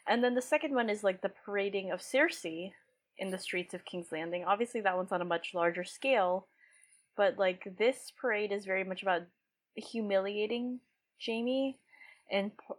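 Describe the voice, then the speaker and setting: A woman co-hosts a podcast, chatting casually about a book and using lots of filler words. Her voice is mid-range and her speed is normal.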